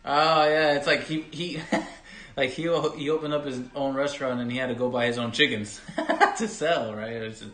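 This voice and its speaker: A man's voice: medium pitch, normal speed. Joking guy chatting with his wife, room echoes a lot. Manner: joking, animated. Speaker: co-host. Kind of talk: casual couple chat. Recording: roomy echo.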